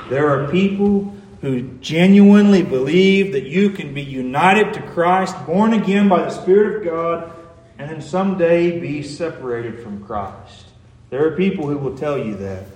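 A man preaching a sermon, earnest and pleading, pressing each point home with emphasis. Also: on the high side. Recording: roomy echo.

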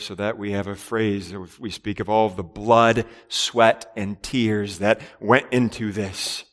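A man's voice: on the low side, steady tone, unhurried, few pauses, in a large hall. A man preaching a sermon in an earnest, emphatic way, with repeated phrases and rhetorical questions. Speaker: pastor.

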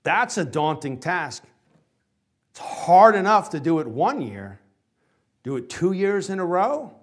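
A man preaching a sermon to his congregation, asking questions and moving between loud emphasis and quiet asides. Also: high voice, sing-song, unhurried. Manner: preaching with rhetorical questions, swinging from loud to hushed. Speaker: pastor.

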